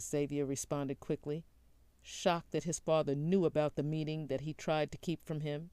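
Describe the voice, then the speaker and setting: A woman narrating an audiobook in an even, clear storytelling manner. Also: low voice, moderate pace, no room sound.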